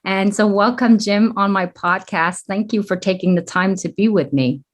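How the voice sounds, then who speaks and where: A woman's voice: mid-range voice, moderate pace. Gushing, upbeat woman podcast host; effusive interviewer who laughs easily. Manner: bubbly, effusive, laughs often.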